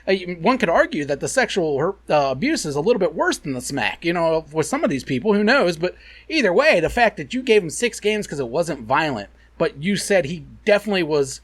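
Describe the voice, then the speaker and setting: A man's voice: high voice, brisk. A man co-hosting a casual podcast, ranting with lots of swearing. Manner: animated, profane, ranting. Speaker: podcast co-host.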